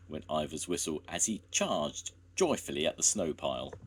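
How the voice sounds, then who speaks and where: An older man, a grandfather, reading a children's story aloud in a slow, gentle way. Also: very deep voice, expressive, slightly rough.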